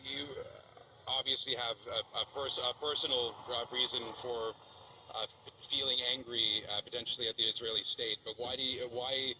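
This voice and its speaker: A man's voice: mid-range voice, little pitch movement, moderate pace, pushed and bright. A man interviewing a protester in the street, asking hesitant questions full of fillers. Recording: noisy street recording.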